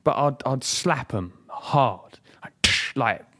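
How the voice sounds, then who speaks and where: A young man co-hosts a casual podcast, his voice lively and swinging up and down in pitch. He rambles through his points, stumbling over restarts and swearing freely. He sounds loose and chatty. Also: slow pace, background noise. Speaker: podcast co-host. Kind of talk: casual chat.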